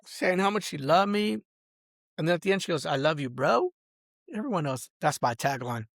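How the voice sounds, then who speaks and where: A man's voice: high-pitched, expressive, fairly quick, no echo, clean studio sound. A man in a rambling, angry vlog rant, boastful, smoking a cigar as he talks and saying "bro" and "dog" at every turn. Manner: smoking a cigar while talking. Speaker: vlogger.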